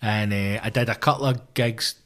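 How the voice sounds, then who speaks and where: A man in his thirties with a Glaswegian accent, a comedian swearing his way through an animated anecdote in casual podcast chat. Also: lowish voice, normal speed. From Scotland. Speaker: stand-up comedian guest.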